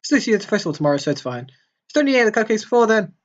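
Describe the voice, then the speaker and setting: A man's voice: high-pitched, sing-song, rapid-fire, muffled recording, pitched above the performer's own voice. A man voicing a prickly young girl from a game who talks in a hesitant, defensive stammer. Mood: flustered.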